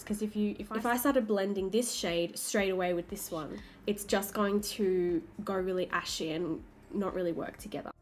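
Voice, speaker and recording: Chatty Australian woman explaining makeup. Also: medium pitch. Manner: chatty, explains each step as she works. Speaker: makeup artist. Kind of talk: talk-through makeup tutorial. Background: soft background music.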